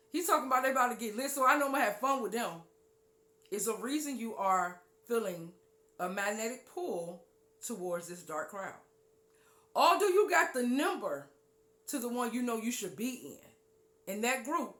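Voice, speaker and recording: A woman with a fairly high voice gives an animated spiritual teaching talk as a show host. She sinks to a low, hushed tone on her main points. The recording carries a noticeable room echo. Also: moderate pace. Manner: animated, acts out listeners' voices in a higher pitch; drops low and quiet on key points.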